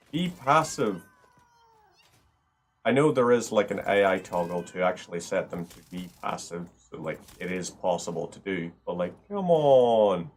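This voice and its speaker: A man hosting a gaming video, chatting casually and rambling through upbeat asides while he plays. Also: deep voice. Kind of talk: casual gameplay commentary.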